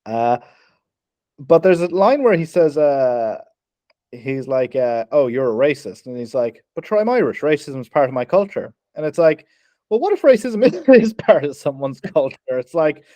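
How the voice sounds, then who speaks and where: A young man co-hosting a podcast, talking in a halting, giggly way with many restarts in a casual comedy chat. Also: a little high, sing-song, warm tone, no echo. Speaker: podcast co-host.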